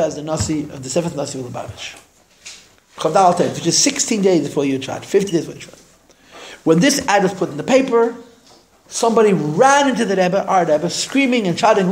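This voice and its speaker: Man, teacher, storytelling class, animated, fairly high voice, repeats words. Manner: animated, raises his voice when quoting people. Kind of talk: storytelling lecture.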